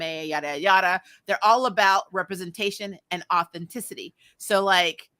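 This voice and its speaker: A woman with a Midwestern-meets-Southern American accent hosting a casual review chat, animated and swearing freely. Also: mid-range voice. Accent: Midwestern and Southern US mix. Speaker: channel host.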